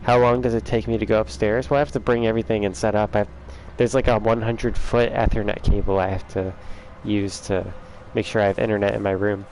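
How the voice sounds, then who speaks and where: Low-voiced man chatting on a stream. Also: little pitch movement, fairly quick, few pauses, a little mellow, a little hiss or hum, rough recording. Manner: chatty, greets and teases viewers by name. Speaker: gaming livestreamer. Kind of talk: casual livestream chat. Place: his room at home.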